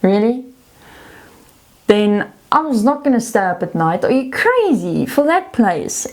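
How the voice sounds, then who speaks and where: A young woman vlogger casually telling a story, retelling a frustrating job with animated energy. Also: medium pitch.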